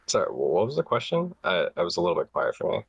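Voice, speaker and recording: A man joking dryly as a player at a tabletop game. His voice is very low, husky and gravelly. The sound is close and dry. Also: sing-song, very fast, no room sound. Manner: dry and sarcastic. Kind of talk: casual chat at a tabletop game.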